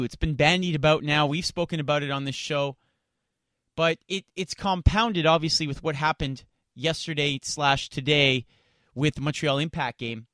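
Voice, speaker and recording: In a radio studio, a male sports talk host launches into a fiery rant, indignant and stumbling as he repeats words. His pitch is fairly high with a fairly bright tone, captured on a studio mic with no echo.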